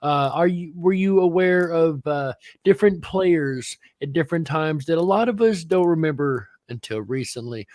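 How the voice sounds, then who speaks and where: A man's voice: a little high, darkish tone, dry recording. A man hosting a casual panel chat, laid-back and full of fillers. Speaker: host.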